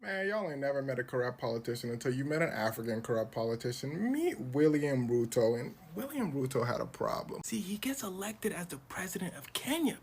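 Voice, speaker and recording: A man's voice: medium pitch, big pitch swings, fairly quick, few pauses, slight background noise. A man giving a punchy, sly comic monologue in a played clip. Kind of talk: stand-up style comic monologue.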